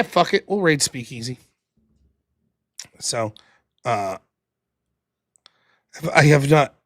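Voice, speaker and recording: A man's voice: high voice, a bit bright, no room sound, studio quality. A man hosting his own live stream, chatting casually in a loose, rambling way and swearing freely. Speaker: live streamer and show host. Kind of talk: casual late-night live stream chat.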